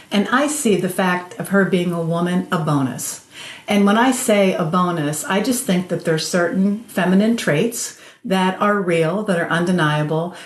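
A woman speaking as a podcast guest in a fairly low voice, telling work stories in an animated, chatty way. Her voice carries an echo from the room around her. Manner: animated storyteller, laughs while telling anecdotes. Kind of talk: casual conversation. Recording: roomy echo.

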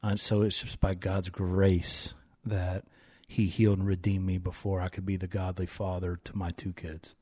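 A man's voice: deep voice, level tone, moderate pace, hardly any pauses, husky, no echo. A man in his thirties, a recovery minister hosting a podcast, talking in an earnest, heartfelt way. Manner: earnest, heartfelt, drops quiet when moved. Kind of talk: casual reaction chat.

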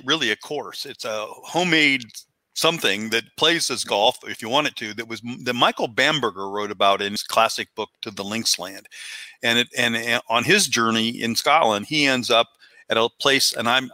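A man hosting a golf podcast, chatting casually and telling stories in a lively way. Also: medium pitch, no room sound. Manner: storytelling, animated when acting out others. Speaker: podcast host. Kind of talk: casual interview chat.

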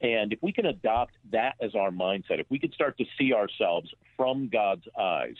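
A man's voice: lowish voice, animated, moderate pace, dry recording. A man talking as an author guest in an earnest, reflective way, with small restarts. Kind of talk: phone interview. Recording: tinny phone line.

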